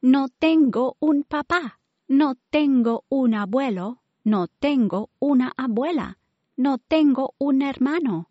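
A woman voicing a lonely, shy male hermit crab who talks quietly and gently. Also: high voice, lively intonation, measured pace, no room sound, lo-fi sound, voice pushed up. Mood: gentle.

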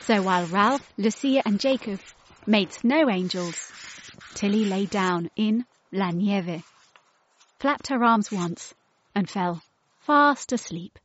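A woman reading a children's storybook aloud, slow and clear, mixing in words from another language. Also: medium pitch, expressive. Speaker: storybook reader. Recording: dull lo-fi dry recording.

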